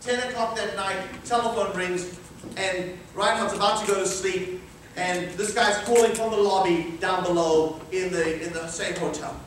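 Male pastor, lively storyteller, high voice, far from the mic in a very echoey hall. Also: moderate pace, slight background noise. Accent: Scottish-rooted. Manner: animated storyteller acting out dialogue. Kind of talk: sermon storytelling. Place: church hall.

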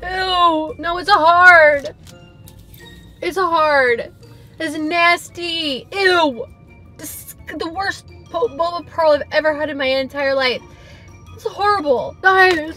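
A woman's voice: extremely high pitch, pushed and bright. A young woman reviewing drinks in her parked car for a vlog, talking in a dramatic, over-the-top way about what she tastes. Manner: dramatic, exaggerated disgust. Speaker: vlogger.

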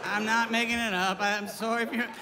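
A male stand-up comedian telling a true story on stage, animated, swearing freely and jumping into character voices. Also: high voice, brisk, over a noisy crowd. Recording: reverberant club with clear background noise.

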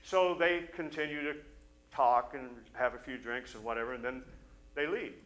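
Male pastor, mid-range voice, animated storyteller in a Sunday sermon. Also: mid-range voice, normal speed, low-quality recording. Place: church service.

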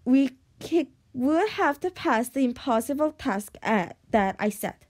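A woman's voice: sits high, animated, a little slow, darkish tone. Woman voicing a scheming viking chief, smug, gloating, storybook. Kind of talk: storybook read-aloud.

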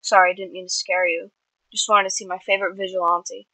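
A woman voicing a gentle, soft-spoken male villain who talks carefully. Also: medium pitch, level tone, quick pace, no echo, low-quality recording.

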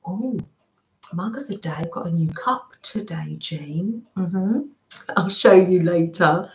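A British woman hosting a live craft stream, warmly welcoming viewers by name and chatting as she works. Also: lowish voice, takes it slowly, roomy sound, muffled recording. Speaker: craft livestream host.

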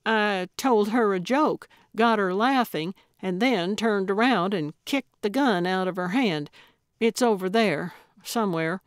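Brief: cheeky, quick-witted old lady detective, read by a woman narrator, slow and dry. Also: mid-range voice, dry recording, close to an everyday voice. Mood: sly. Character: feisty eccentric elderly woman sleuth.

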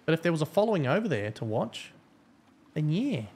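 A man's voice: on the high side, big pitch swings, brisk, darkish tone, husky. A man giving casual, profane, rambling live-stream commentary as a game streamer.

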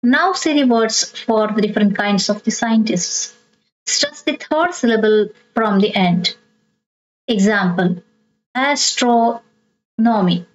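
Slow Indian English woman teacher. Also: medium pitch, animated, dull audio. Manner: slow, deliberate reading of exercises. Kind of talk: textbook lesson explanation.

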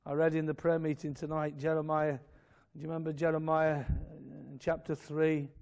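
A man preaching a fervent sermon in a church, swelling to loud emphatic peaks and dropping to quiet asides. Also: fairly high pitch, flat delivery, normal speed, vocal fry. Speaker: pastor.

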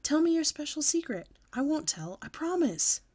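Lady doing a sly little schoolgirl in a storybook, coaxing, half whispered, higher voice. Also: very animated, moderate pace, a little mellow. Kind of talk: storybook read-aloud.

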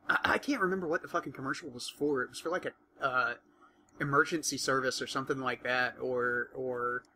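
A young man who is a guest on a casual podcast chat, animated and swearing freely. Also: medium pitch, slight background noise.

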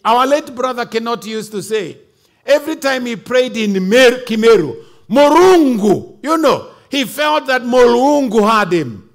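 With an animated, fairly bright voice that runs high for a man, a Kenyan bishop gives a sermon at a slightly slow pace. He stresses his points and sprinkles in Swahili and Kikuyu.

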